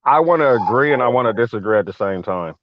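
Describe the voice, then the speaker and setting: A guest veteran with a mid-range voice tells a long personal story in casual chat, talking fast with a crowd audible behind him. He's animated and slangy, acting out the voices of the people he quotes, and the sound is dull, lo-fi and dry.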